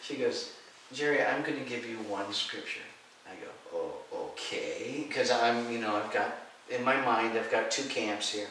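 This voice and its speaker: A middle-aged man telling lively stories in an interview, acting out the voices of people he quotes and laughing often. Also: mid-range voice, normal speed, hardly any pauses. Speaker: interview guest, martial arts and healing teacher. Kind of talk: storytelling in a conversational interview. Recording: echoey room, far from the mic, faint hiss.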